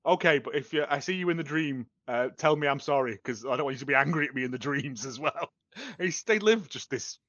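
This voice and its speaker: A bright, forceful man chats casually on a review podcast, laughing often and jumping up into excited bursts as he retells scenes. The sound is a little dull and lo-fi, and the room is dry. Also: fairly high pitch, brisk, dry recording. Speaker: podcast co-host.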